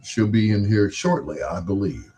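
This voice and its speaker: A lively-voiced man hosting late-night radio with a low, husky tone. He teases, laughs at his own jokes and rolls through shout-outs in easy DJ patter. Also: moderate pace. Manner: playful, laughing asides, mock-imitates other DJs. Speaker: radio show host.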